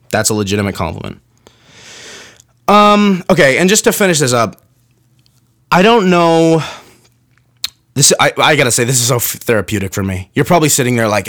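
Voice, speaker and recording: A man's voice: mid-range voice, big pitch swings, normal speed, pauses often, a bit bright. A young man hosting a solo comedic rant, rambling with sarcasm and restarts, acting out the people he quotes. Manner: frequent restarts and fillers, building exasperation. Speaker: podcast host.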